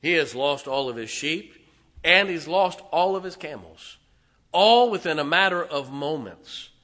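A male preacher delivers a sermon as a dramatic story. His voice is bright and forward, and he slips into the voices of the people in the tale as he goes. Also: a little high, animated, a little slow. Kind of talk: sermon retelling a Bible story.

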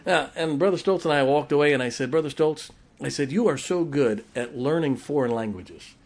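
A man's voice: fairly high pitch, fairly quick. Folksy preacher man. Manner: folksy, joking preaching with shouted exclamations. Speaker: pastor. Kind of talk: sermon.

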